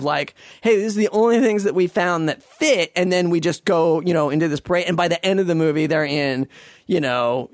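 High-voiced man in a sarcastic rant. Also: dry recording, clean studio sound. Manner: sarcastic, profane and rambling. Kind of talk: casual monologue rant.

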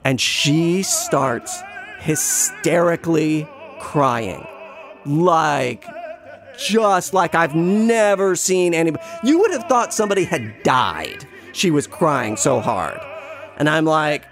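A man's voice: on the high side, sing-song, slow, faint music behind. A man telling a rambling, self-deprecating personal story in a casual way, with many restarts and some swearing. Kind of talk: casual spoken anecdote.

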